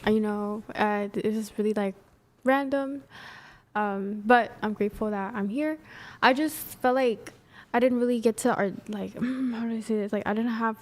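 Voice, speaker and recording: A woman's voice: fairly high pitch, normal speed, a little mellow. A woman guest on a talk panel, hesitant and searching for her words.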